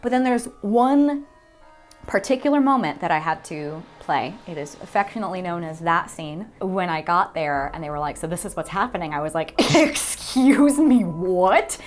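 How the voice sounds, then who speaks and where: A young woman, a voice actor, chatting casually in an interview, gushing and excitable, her voice leaping high when she gets worked up. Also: brisk. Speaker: voice actor guest. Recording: faint music underneath.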